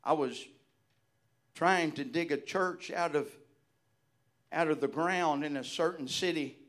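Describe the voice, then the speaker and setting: A man delivers a sermon in a high, ringing voice. He drops to near-whispers, then builds to fervent shouts, keeping a rolling preaching cadence throughout. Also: measured pace.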